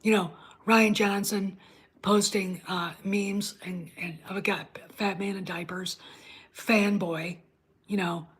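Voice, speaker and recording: A woman's voice: mid-range voice, steady tone, slow pace, fairly bright tone, slightly rough. A woman hosting her own online show, ranting bluntly and with plenty of swearing while talking straight to her live chat. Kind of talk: casual livestream rant.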